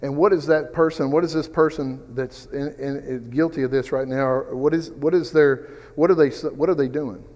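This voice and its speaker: A man's voice: fairly high pitch, steady tone, moderate pace, hardly any pauses, a little mellow, big-room sound. A man teaching a conversational Bible study class, rambling through personal stories and asides. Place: church classroom.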